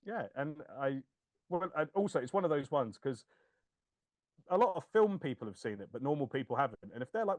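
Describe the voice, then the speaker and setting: Podcast co-host, thirties, male, lively and jokey, swears freely, acts out quotes, dry mic. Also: mid-range voice, a little fast, no room sound. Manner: animated, laughing, swears, acts out quoted lines. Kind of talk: casual chat.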